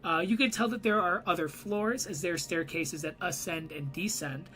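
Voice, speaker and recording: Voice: medium pitch, normal speed, sharp tone, rough recording. A game master narrating a tabletop role-play game in a loose, rambling way with many fillers.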